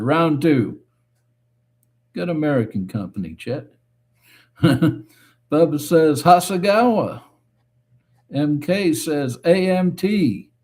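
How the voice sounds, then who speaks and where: A man hosting a casual live stream, reading viewer comments aloud and answering them in a relaxed, chatty way. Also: on the high side. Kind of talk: casual chat.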